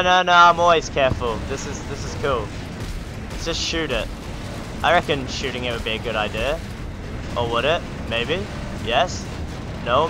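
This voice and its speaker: A man hosting a gaming channel, giving joking, sarcastic let's play commentary. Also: medium pitch. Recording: game sound noise behind the voice.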